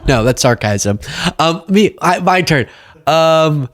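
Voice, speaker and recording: A man's voice: fairly high pitch, lively intonation, measured pace, no room sound. A young man hosting a political commentary show, talking casually and sarcastically and laughing often.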